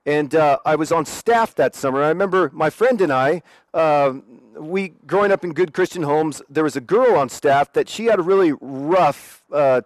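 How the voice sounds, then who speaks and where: A young man from Oregon telling his personal faith testimony in a lively, self-deprecating way, acting out quotes as he goes. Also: fairly high pitch, normal speed, no echo. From Oregon, USA.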